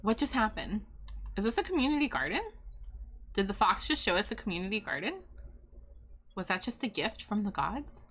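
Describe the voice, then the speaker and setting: A woman streaming a life-simulation game live, chatting excitably with her viewers and laughing often. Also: mid-range voice, moderate pace, pauses often, breathy edge. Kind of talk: live gameplay commentary.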